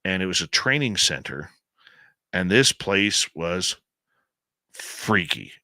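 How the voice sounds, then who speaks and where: A man's voice: low-pitched, big pitch swings, slow, sharp tone, no room sound. A Canadian man hosting a late-night radio talk show, chatty and enthusiastic, rambling as he tells stories and answers audience questions.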